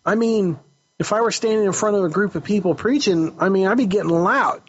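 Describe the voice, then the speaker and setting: A man's voice: sits high, a little fast, husky. A man hosting a casual talk about faith as a counselor, earnest and often restarting his phrases as he searches for words. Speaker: counselor host. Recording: dull lo-fi recording.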